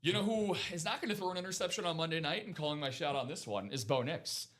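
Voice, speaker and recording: A man's voice: on the high side, fast, fairly bright tone. A man hosting a live sports card break, chatting casually about football and hyping deals to viewers in an upbeat way. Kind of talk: casual sports chat and sales pitch.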